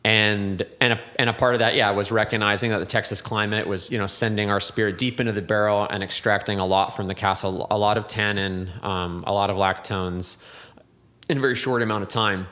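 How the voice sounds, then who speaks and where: A man's voice: lowish voice, fairly even intonation, fairly quick, bright, forceful tone. A man who works as a whiskey distiller and blender, talking in a podcast interview in a thoughtful, rambling way, with many restarts and fillers and a reflective, poetic turn.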